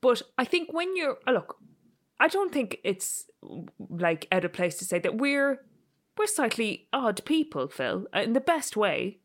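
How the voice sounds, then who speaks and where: A woman's voice: a little high, big pitch swings, unhurried. A woman co-hosting a candid chat, sweary and self-deprecating, acting out her own inner voice as she tells stories. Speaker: podcast co-host.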